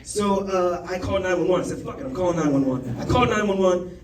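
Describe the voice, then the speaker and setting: A man's voice: high voice, fast talker, noisy background. A man doing stand-up, telling a loose, profane story with lots of asides to a laughing club audience. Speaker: stand-up comedian. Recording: echoey club recording from a distance, crowd laughter.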